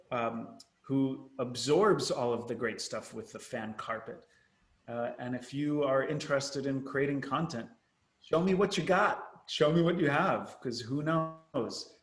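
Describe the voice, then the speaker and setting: An eager man speaks at a middle pitch as an interview guest, often restarting and repeating his words. His voice carries a noticeable roomy echo. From United States. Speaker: actor guest. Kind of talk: interview chat.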